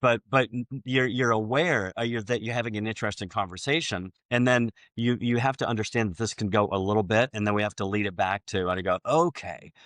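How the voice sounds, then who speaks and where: Low-voiced man telling sales stories. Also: a bit bright, dry recording. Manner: storytelling, acts out both sides of conversations; halting, many restarts. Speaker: podcast host. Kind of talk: casual podcast chat about sales.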